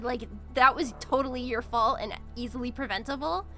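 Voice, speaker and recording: A woman's voice: on the high side, moderate pace, few pauses, pushed and bright, faint music behind. A woman streamer chatting casually while she plays, blunt and profane, rambling with lots of fillers. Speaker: VTuber streamer.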